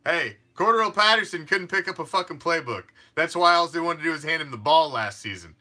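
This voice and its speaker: Guy hosting a fan football show, cussing and mocking the rivals, super bright slightly high voice. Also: lively intonation, brisk. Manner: fired-up, profane, mocking. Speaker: fan podcast host. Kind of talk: profane sports rant.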